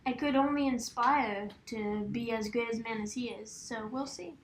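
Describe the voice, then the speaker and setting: A woman's voice: fairly high pitch, normal speed. A woman player describing her tabletop character, hesitant with fillers. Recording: roomy echo, faint noise.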